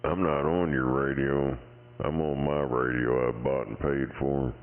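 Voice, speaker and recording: A man, taunting and swearing in gruff banter over the CB radio. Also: very deep voice, fairly even intonation, a little slow. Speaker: CB radio talker. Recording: tinny radio transmission with faint noise.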